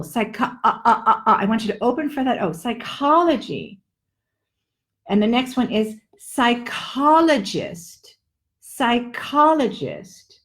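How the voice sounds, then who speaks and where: A middle-aged woman teaching English pronunciation in a live online lesson, drawing out words in playful drills. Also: fairly high pitch. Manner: playful, drawn-out word drills.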